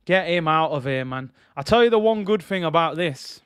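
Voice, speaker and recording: A man's voice: on the high side, animated, normal speed, hardly any pauses, a bit bright, clear, resonant tone, no echo, studio quality. A young man hosting a live football watch-along, exasperated and sarcastic. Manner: exasperated, sarcastic, repeats himself. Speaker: football channel host.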